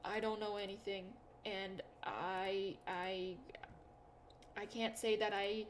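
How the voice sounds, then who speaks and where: A woman's voice: medium pitch, flat delivery, slow, a little hiss or hum. A young woman chatting casually to her viewers, telling self-deprecating stories in a rambling way with lots of fillers and restarts. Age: young adult. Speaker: YouTuber. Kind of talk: casual chat to camera.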